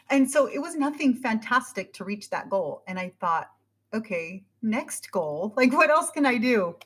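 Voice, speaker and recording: A woman in her forties, a podcast guest, telling her story in a casual, animated way and acting out her own thoughts. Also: fairly high pitch, slow pace, slightly rough. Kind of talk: casual interview chat.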